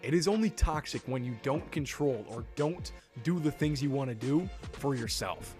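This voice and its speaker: Young man, blunt lecturing advice, mid-pitched voice, faint music bed underneath. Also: expressive, normal speed, darkish tone. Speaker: self-help video host. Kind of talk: scripted advice monologue to camera.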